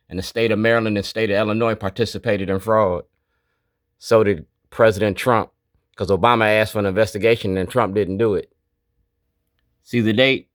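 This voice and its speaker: A man's voice: on the low side, a bit bright, no room sound, clean studio sound. A man, an activist, walking through his documentary and pointing things out one by one in a blunt, declarative way. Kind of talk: narrated documentary walkthrough.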